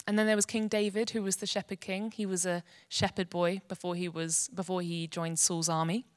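Woman Bible teacher, earnest and gentle, close and dry sound. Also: on the low side, little pitch movement, a little fast, dry recording. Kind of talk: devotional teaching.

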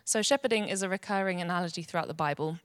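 Woman Bible teacher, earnest and gentle, close and dry sound. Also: fairly low pitch, very fast, smooth, dry recording. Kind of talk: devotional teaching.

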